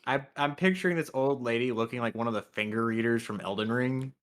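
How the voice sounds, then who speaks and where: A man's voice: medium pitch, a little fast. A man playing a tabletop game, chatting and laughing often. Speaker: player.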